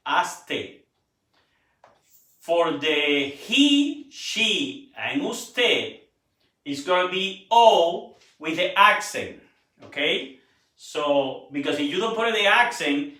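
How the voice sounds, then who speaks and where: Teacher with a bright echoey voice. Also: male voice, a little high, far from the mic. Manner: broken English with Spanish words spoken natively. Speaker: Spanish teacher. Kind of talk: classroom lesson. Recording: echoey room, voice from off mic.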